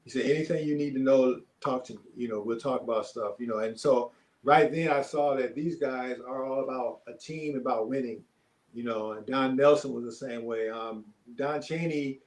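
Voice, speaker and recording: Older man telling stories, relaxed. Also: medium pitch, moderate pace, low-quality recording. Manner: relaxed rambling with many "you know" fillers. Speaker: podcast guest, former basketball player. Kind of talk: casual storytelling.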